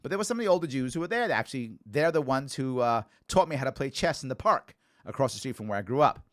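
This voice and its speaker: A man's voice: mid-range voice, lively intonation, fast talker. A man in his forties from the Bronx, hosting a call-in talk show and telling stories in a conversational, thinking-aloud way. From the Bronx, New York.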